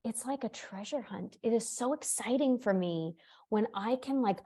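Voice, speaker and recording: A woman voicing a calm, kind man who softly reassures a frightened caller. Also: fairly high pitch, breathy edge, voice pushed up. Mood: earnest. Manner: soft, slow, soothing.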